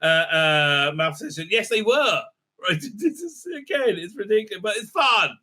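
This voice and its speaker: Bright-voiced man joking through a film recap. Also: high-pitched, big pitch swings, moderate pace. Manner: irreverent, joking, swearing, many "uh, uh" fillers. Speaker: film reviewer, channel host. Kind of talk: casual film recap and review.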